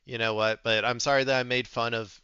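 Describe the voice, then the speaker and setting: Sarcastic man with a bright, clear voice. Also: medium pitch, level tone, a little fast, no echo, lo-fi sound. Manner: blunt, sarcastic, laughs loudly. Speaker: streamer reacting to news clips. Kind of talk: casual profane commentary.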